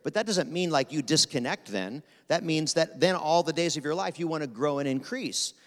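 Rapid-fire preacher in a reverberant hall. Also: male voice, on the high side, lively intonation, fairly bright tone. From Pennsylvania. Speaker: guest preacher. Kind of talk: sermon. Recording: long reverb of a large hall.

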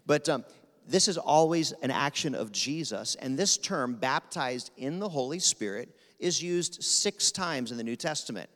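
A man from Pennsylvania, preaching a sermon as guest speaker in a quick, animated, rapid-fire way. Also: mid-range voice. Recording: long reverb of a large hall.

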